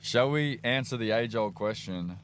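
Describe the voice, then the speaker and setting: A man's voice: medium pitch, normal speed, fairly bright tone, slight background noise. A man from Queensland with an Australian accent, co-hosting a live race stream with jokey, teasing casual banter. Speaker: livestream co-host. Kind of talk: casual live event commentary.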